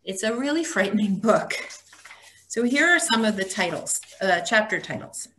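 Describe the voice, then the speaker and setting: A woman's voice: mid-range voice, very animated, normal speed, fairly bright tone, a little hiss or hum. A woman hosting a casual book talk for a small group, reading blurbs aloud with wry asides.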